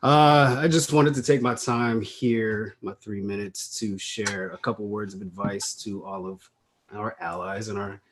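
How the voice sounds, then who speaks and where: A man's voice: fairly low pitch, fairly even intonation, a little slow. A man doing a stand-up comedy set over a video call, talking loosely and conversationally with plenty of slang.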